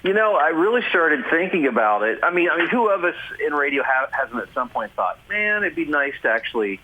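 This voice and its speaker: A man's voice: a little high, very animated, a little fast. A middle-aged man, a voiceover artist, answering interview questions in an easy conversational way. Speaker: voiceover artist and podcast guest. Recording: dull lo-fi remote line.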